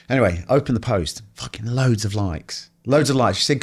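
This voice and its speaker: A man, a podcast guest and author, telling animated anecdotes full of swearing and acted-out quotes. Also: medium pitch, quick pace, few pauses, husky. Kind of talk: casual storytelling conversation.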